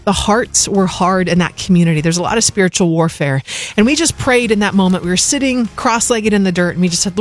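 A woman's voice: medium pitch, expressive, brisk, faint music behind. A woman telling a heartfelt, reflective personal testimony about her mission work.

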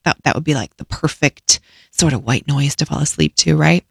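A woman radio host telling a funny story in a casual, animated, self-deprecating way. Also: deep voice, moderate pace, gravelly, slightly rough, no echo, clean studio sound.

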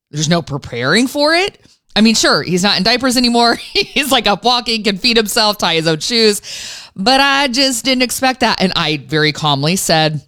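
A woman radio host telling a personal story in an animated, self-mocking way. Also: mid-range voice, a little slow.

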